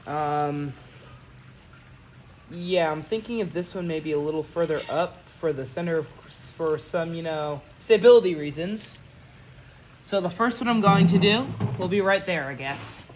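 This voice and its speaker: A man's voice: a little high, measured pace, slight background noise, rough recording. A young man narrating a livestream as he builds a rocket at home, talking casually with many fillers and restarts. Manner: rambling, full of "you know" fillers and restarts.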